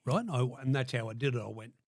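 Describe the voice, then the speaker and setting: A fast-talking older Australian man with a medium-pitched voice, heard in a dry recording, guests on a casual interview. He tells blunt stories full of profanity and acts out what people said.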